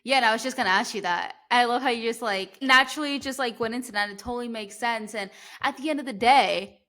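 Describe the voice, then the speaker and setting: A woman in her thirties from New Jersey hosts a podcast interview. She chats loosely and fills her sentences with little words. Her voice is fairly high and bright. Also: fast talker. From New Jersey, USA. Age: 30s. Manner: chatty, full of "like" fillers. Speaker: podcast host. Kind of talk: casual interview chat.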